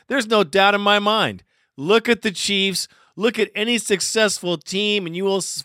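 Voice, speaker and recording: Bright, crisp-voiced male podcast host. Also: high-pitched, no room sound, clean studio sound. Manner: frustrated, ranting, with a laugh in his voice. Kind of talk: casual postgame commentary.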